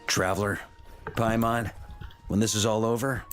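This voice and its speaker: A man's voice: on the low side, steady tone, normal speed, natural voice. A man voicing a cheerful, easygoing young knight in video game dialogue, chatty and upbeat. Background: game music.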